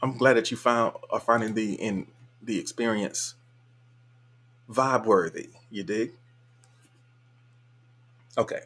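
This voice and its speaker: A man's voice: on the low side, slow, pauses often, fairly bright tone, breathy edge. A man hosting a casual live stream, reading viewer comments aloud in a laid-back, colloquial way and chuckling often. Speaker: livestream host.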